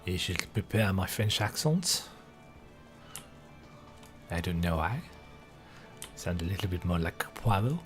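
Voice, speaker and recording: A man's voice: deep voice, a little slow, pauses often, fairly bright tone, husky, faint music behind. A man casually commentating on his own live video game stream, chatty and amused. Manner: chatty, amused, mumbling to himself.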